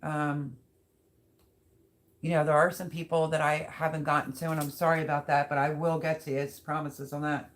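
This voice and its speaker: A woman's voice: low voice, little pitch movement, moderate pace. Woman, live-stream host, casual and rambling, speaks directly to chat. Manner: chatty, rambling, talks straight to viewers. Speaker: livestream host reading chat.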